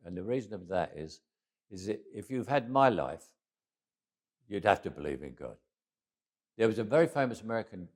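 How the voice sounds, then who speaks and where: Deep-voiced older London man reminiscing. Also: darkish tone. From England. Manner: anecdotal, wry, with restarts and quoted dialogue. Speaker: interviewee. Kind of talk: casual interview storytelling.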